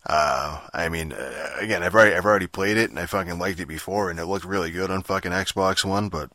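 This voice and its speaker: A man's voice: low-pitched, pushed and bright, no echo. A man hosting a solo podcast, rambling in a profane, casual rant full of restarts and fillers. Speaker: podcast host.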